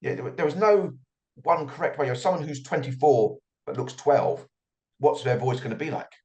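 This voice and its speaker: A man's voice: on the high side, lively intonation, a little fast, a little mellow. A middle-aged man answering as an author guest in an interview, reflective and often repeating his words as he starts a thought.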